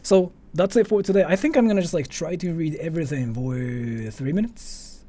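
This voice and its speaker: A young Japanese streamer chats casually in English with a Japanese accent, reading donations aloud and using lots of fillers. His voice sits high and mellow, and he talks a little fast.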